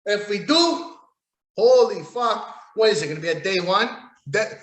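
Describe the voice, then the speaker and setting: A man's voice: high-pitched, very animated, fairly quick, a bit bright, slight background noise. A man hosting a solo podcast, recapping in a rambling, profane, sarcastic way. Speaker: podcast host. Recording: echoey room.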